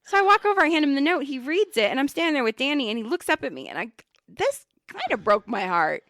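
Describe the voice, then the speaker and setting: Animated, profane woman telling a story. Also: high-pitched, quick pace, dry recording, clean studio sound. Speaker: podcast co-host. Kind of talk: casual storytelling chat.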